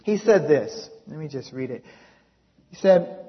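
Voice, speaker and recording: Lively high-voiced man preaching. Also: measured pace, pauses often. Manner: animated storyteller, reads quotes aloud. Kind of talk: sermon storytelling. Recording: dull lo-fi recording.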